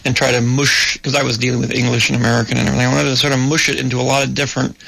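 A man's voice: mid-range voice, flat delivery, rapid-fire, creaky, fairly bright tone, slightly rough, low-quality recording. A man, a filmmaker, talking in casual conversation, thoughtful and repeating words as he thinks.

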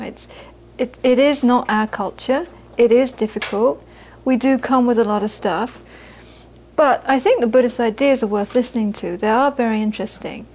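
High-voiced woman giving a dharma talk. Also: darkish tone, a little hiss or hum, low-quality recording. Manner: conversational and repetitive, often laughing. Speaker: Buddhist teacher. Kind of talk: informal dharma talk to an audience.

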